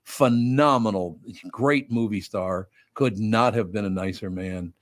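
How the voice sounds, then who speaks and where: A man's voice: fairly low pitch, a little slow, dry recording, studio quality. An older man hosting a radio talk show, chatting casually and candidly, often correcting himself. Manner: rambling, candid, self-correcting.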